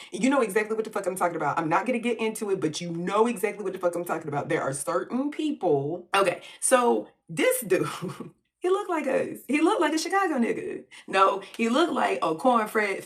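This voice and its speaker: A woman's voice: mid-range voice, lively intonation, fairly quick, few pauses, far from the mic. A woman from the United States giving blunt, slangy opinion commentary in a vlog, laughing often and taking asides. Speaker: vlogger.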